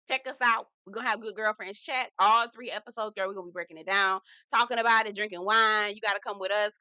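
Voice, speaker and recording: A woman recapping a reality show in a sassy, profane, gossipy way, acting out quotes with animated flair. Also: mid-range voice, no echo. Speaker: reality TV reviewer. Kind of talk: casual recap vlog.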